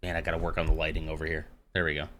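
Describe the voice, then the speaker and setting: A man's voice: rumbling low, little pitch movement, very fast, fairly bright tone, soft background music. A man hosting a casual live stream, rambling along between dad jokes. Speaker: livestream host.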